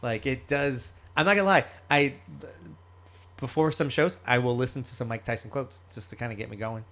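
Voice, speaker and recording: A man's voice: mid-range voice, a little fast, a bit bright. A man co-hosting a podcast in casual chat, rambling, swearing and laughing often. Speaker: podcast co-host.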